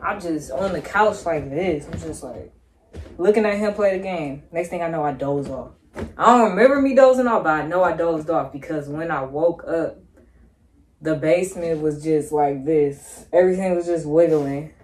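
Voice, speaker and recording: Animated young woman telling a story. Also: deep voice, normal speed, slight background noise. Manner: animated storyteller, laughs, acts out her own reactions. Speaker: guest. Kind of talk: casual storytelling.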